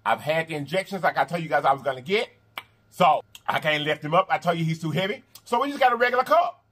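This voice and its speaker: A man hosting a mukbang eating video in casual chat, animated and repetitive, calling his viewers y'all and honey. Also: fairly high pitch, fast. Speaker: mukbang host. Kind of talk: casual eating vlog talk.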